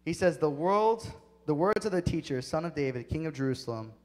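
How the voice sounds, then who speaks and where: A man preaching a sermon to a youth group, energetic and emphatic, speaking straight to the kids. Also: fairly high pitch, fairly quick. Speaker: youth pastor. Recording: long hall reverb.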